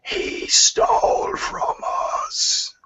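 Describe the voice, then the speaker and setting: A rasping fish-man cult leader. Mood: menacing. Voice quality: rasping, hissed. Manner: slow, drawn-out whispered shout. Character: tall fish-faced male cultist leader, menacing. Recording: lo-fi audio.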